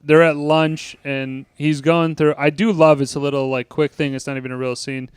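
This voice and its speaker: Crude-talking podcast host, smooth voice. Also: male voice, a little high, flat delivery, normal speed, no echo, studio quality. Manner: crude, loose, chuckling. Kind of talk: casual movie review chat.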